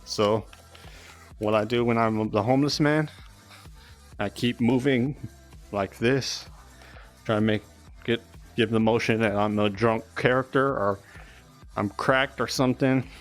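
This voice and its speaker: A man's voice: mid-range voice, measured pace, long pauses, faint music behind. A young man chatting casually and rambling on a live stream, swearing often.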